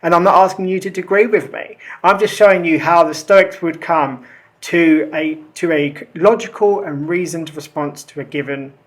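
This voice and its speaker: A man with a raised, high-set voice speaks as a podcast guest. He talks animatedly and slips into little acted-out exchanges as he makes his case. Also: normal speed. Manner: animated, acts out quoted exchanges. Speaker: guest author. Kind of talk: casual podcast discussion.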